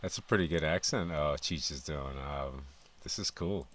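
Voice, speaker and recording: A man with an extremely deep voice hosts a reaction stream and chats casually. He talks in a relaxed, halting way, filling pauses with ums and uhs. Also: dry recording. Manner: relaxed, halting, many fillers. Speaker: reaction channel host.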